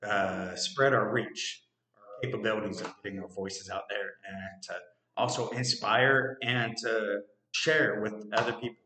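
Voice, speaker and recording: A man's voice: on the low side, steady tone, unhurried, bright, forceful tone. A man co-hosting a podcast in casual chat, rambling and joking with many fillers. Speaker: podcast co-host. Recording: roomy echo.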